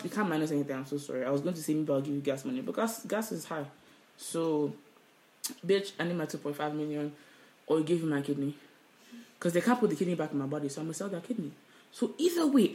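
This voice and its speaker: Loud, animated woman in an echoey room. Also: sits low. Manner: animated, swings into loud mock rants. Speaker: podcast co-host. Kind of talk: casual chat.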